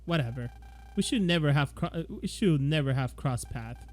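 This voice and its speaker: A man's voice: on the high side, animated, moderate pace, lightly acted. A man voicing a cold, proud loner boy who talks curtly and with scorn. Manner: scornful and curt.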